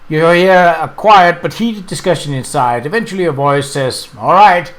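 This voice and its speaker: A man casually commenting on his gameplay and reading the game's text aloud, chatty and quick to correct himself. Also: fairly high pitch, fairly bright tone. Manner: chatty, self-correcting, laughs at the game. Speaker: let's play host.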